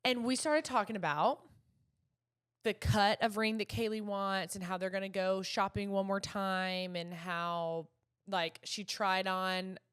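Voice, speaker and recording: A young woman, co-hosting a podcast and telling a story in animated, chatty fashion, acting out the dialogue. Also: mid-range voice, a little slow, clean tone. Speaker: podcast co-host. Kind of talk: casual chat.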